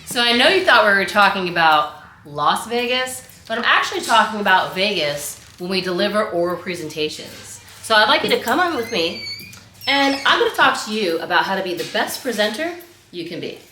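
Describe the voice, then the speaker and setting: A woman instructor giving an upbeat lesson straight to the viewer, with a lively, chatty manner. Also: mid-range voice, brisk, roomy sound, a little hiss or hum. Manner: upbeat, animated, addresses viewer directly. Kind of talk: instructional presentation.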